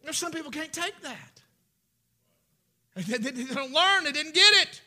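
High, bright preacher. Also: male voice, animated, unhurried. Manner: folksy storytelling, swings from shouting to whispers. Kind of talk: sermon.

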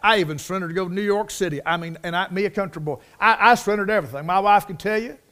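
High-voiced folksy country preacher man. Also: rapid-fire. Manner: folksy, emotional, repeats words for emphasis; swings from hushed to loud and fervent. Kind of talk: sermon.

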